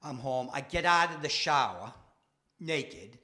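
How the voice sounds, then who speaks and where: An older man doing stand-up on a studio stage, spinning wry, deadpan stories about married life. He talks slowly and lets his pitch swing widely. His tone is bright. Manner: wry deadpan storytelling with self-mocking punchlines. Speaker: stand-up comedian. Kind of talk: stand-up comedy set. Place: studio stage with live audience.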